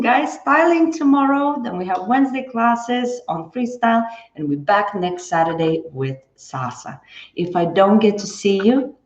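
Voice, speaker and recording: A woman dance teacher chatting on a live stream after class, bubbly and chatty, thanking viewers by name. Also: fairly low pitch. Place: indoors at home. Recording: echoey room, dull lo-fi stream audio.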